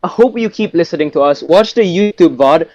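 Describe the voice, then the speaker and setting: A young man co-hosting a podcast, giving halting thank-yous full of fillers. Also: a little high, expressive, darkish tone, no room sound, highs cut off. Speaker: podcast co-host. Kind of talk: casual chat, listener shout-outs.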